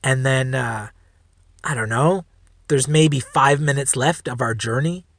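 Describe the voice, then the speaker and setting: A man's voice: mid-range voice, a little slow, dry recording, clean studio sound. A man hosting a solo podcast, telling a story in a rambling, laid-back way, swearing freely. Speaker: podcast host. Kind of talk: casual storytelling.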